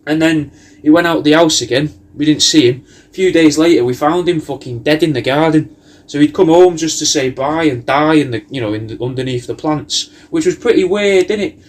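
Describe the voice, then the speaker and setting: A man rambles through a loose comic monologue, swearing freely and tacking "mate" onto his lines. His voice sits a bit higher than most men's. He wanders from one tangent to the next. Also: a little fast. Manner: meandering, sweary, riffing loosely with lots of "mate". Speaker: comedy cameo host.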